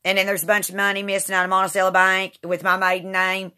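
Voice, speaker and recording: A woman talks straight to camera, repeating herself as she rambles through an indignant account. Her voice is bright and forward. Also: medium pitch, completely flat delivery, fast. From Kentucky, USA. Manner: rambling, repetitive, indignant storytelling. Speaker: vlogger. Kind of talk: casual monologue to camera.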